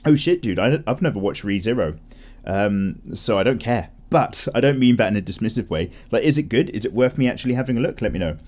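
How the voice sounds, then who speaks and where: A young man hosting a relaxed drawing vlog, chatting casually and rambling with frequent self-corrections. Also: fairly low pitch, a little fast. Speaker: art channel host. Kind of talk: casual chat while drawing.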